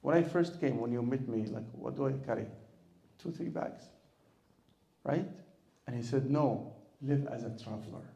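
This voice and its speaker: Gravelly Egyptian-born imam in an echoey hall. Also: male voice, medium pitch, moderate pace, long pauses, warm tone. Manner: storytelling, rhetorical questions, chants Quranic Arabic in a raised voice. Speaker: imam and Islamic lecturer. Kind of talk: sermon-style Q&A talk.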